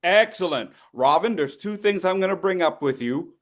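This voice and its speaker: A man's voice: on the high side, animated, moderate pace, hardly any pauses, fairly bright tone. Upbeat male speaking coach on a video call. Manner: upbeat, coaching, drills repeat-after-me. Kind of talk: online voice workshop.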